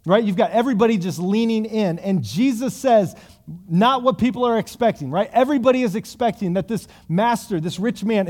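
A male pastor preaching a sermon, retelling a parable and acting out the characters' lines in a lively storytelling manner. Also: high voice.

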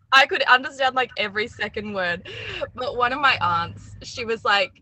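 Bright chatty Australian woman. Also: a little high, lively intonation, moderate pace, rough recording. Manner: chatty, giggly, rambling. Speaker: podcast host. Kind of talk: casual chat.

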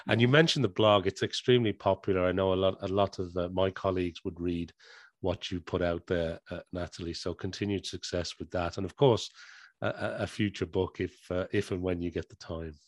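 A man's voice: low voice, fairly even intonation, fairly quick, dry recording, studio quality. A man hosting a podcast interview, encouraging and a bit hesitant, often repeating words as he asks questions. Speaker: podcast host.

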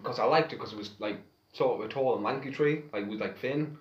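Fast-talking North East English man. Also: mid-range voice. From Peterlee, England. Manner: fast, chatty, says "mate" and "aye". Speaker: podcast co-host. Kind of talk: casual banter. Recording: echoey, dull-sounding room.

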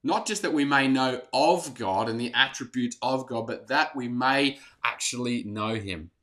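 A man's voice: mid-range voice, unhurried, fairly bright tone. A man preaching a casual, encouraging online sermon to a church in lockdown. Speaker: pastor.

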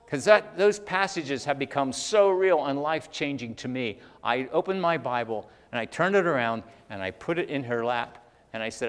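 Man preaching a sermon in a reverberant hall. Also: mid-range voice. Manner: preacher who swings from loud, climbing emphasis to quiet and intimate. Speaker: pastor.

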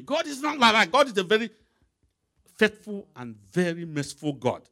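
A man's voice: a little high, big pitch swings, a little fast, pushed and bright. A man preaching a sermon with emphatic, rising and falling delivery, calling out scripture references for a reader to read aloud.

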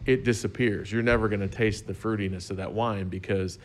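A man's voice: fairly low pitch, fairly even intonation, brisk, slight background noise. A man explaining wine pairing in a casual chat, easygoing and plain-spoken. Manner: easygoing, explains with everyday examples. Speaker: wine expert guest.

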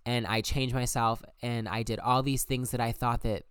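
A young man speaking in a smooth, clean voice, telling his own story in a candid, emphatic monologue. He swears freely, and the sound is dry and close. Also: medium pitch, steady tone, normal speed, fairly bright tone, no echo. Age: young adult. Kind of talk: personal monologue.

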